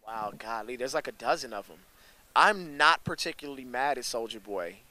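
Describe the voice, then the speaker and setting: A young adult rapper tells stories in a casual interview, speaking at a moderate pace with slangy, animated delivery. His pitch jumps up whenever he gets excited.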